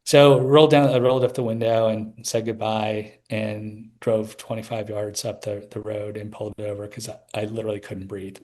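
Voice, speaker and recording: A man's voice: fairly low pitch, level tone, normal speed, hardly any pauses, darkish tone. A middle-aged man telling a personal story as an interview guest, rambling with many restarts.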